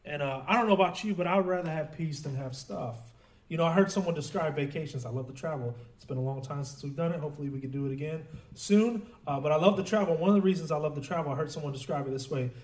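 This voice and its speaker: A man preaching a sermon in a relaxed, conversational way, with many fillers and restarts. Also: fairly high pitch. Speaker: pastor. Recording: roomy echo, voice from a distance.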